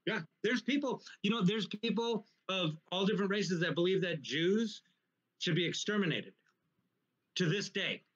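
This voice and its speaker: A man hosting a casual talk show, explaining points in an animated, lecturing way with frequent restarts. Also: sits high, normal speed, slightly rough, muffled recording. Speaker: podcast host. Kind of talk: casual conversation.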